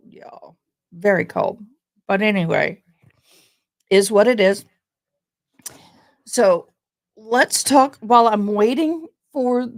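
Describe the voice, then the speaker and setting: A woman's voice: medium pitch, vocal fry, a little mellow. A woman vlogger talking casually to her viewers about a trial, in a rambling, conversational way. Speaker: true crime vlogger.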